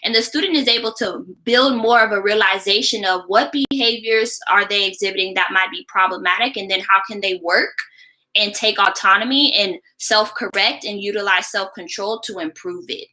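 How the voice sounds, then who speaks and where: Bright-voiced woman teacher explaining. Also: mid-range voice, normal speed, low-quality recording. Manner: explanatory, often checks in with a tag question "right?". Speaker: teacher and education creator. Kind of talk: instructional classroom-management video.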